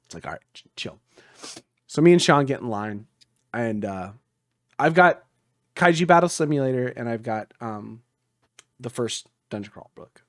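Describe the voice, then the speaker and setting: A man's voice: mid-range voice, normal speed, long pauses, no echo, studio quality. A young man on a podcast, casually telling a long story and acting out what people said. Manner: animated storyteller, acts out quotes, laughs often. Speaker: podcast co-host.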